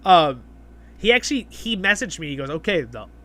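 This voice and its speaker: This livestream host has a high-pitched, sharp voice with lively intonation and a brisk pace. He chats casually, reads viewer comments aloud, and rambles with fillers and restarts.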